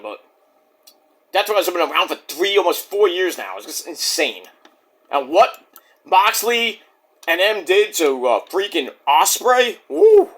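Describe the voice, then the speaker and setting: A man reviewing a wrestling show in a casual solo vlog, excitable and profane, acting out quotes in silly voices. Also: sits high.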